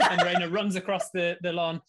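A man narrating a tabletop game as game master, animated, laughing often. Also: high-pitched.

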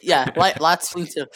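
A man from Wales with a mixed English and Welsh accent, chatting and laughing as a player in a tabletop game, often pausing with fillers. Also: on the high side, very noisy. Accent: mix of English and Welsh. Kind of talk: casual tabletop game chat.

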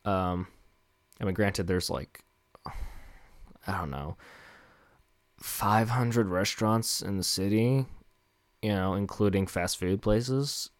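A man's voice: on the low side, takes it slowly, pauses often, no room sound. A young man hosting a solo podcast and speaking into a handheld microphone. He rambles and mocks himself, with many fillers. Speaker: podcast host. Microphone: handheld microphone with headphones.

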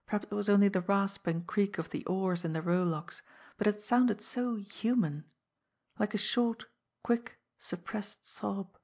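A woman narrating an adventure novel as an audiobook in a measured storytelling manner. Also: mid-range voice, a little mellow. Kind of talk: scripted narration.

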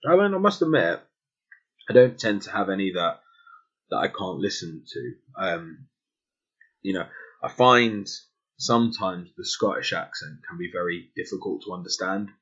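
A man's voice: low-pitched, expressive, normal speed, a bit bright, slightly rough, muffled recording. An English man co-hosting a podcast in casual chat, talking in rambling stretches with jokey asides and restarts. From England. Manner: chatty, self-interrupting, jokey asides. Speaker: podcast co-host.

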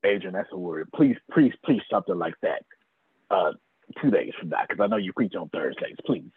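A man, preaching sales with a husky voice and pitch that swings wildly up and down. He talks straight to his listeners by name and curses freely. The sound is a tinny, phone-like, dry video call. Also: expressive, moderate pace, no room sound. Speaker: sales trainer. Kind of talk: animated preacher-like teaching.

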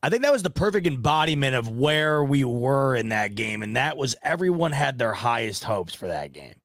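A man's voice: mid-range voice, big pitch swings, normal speed, a bit bright. A man hosting a casual sports podcast, rambling and venting with frustration and some swearing. His mid-range voice sits close to the mic in a dry, dead room with no echo. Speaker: podcast host.

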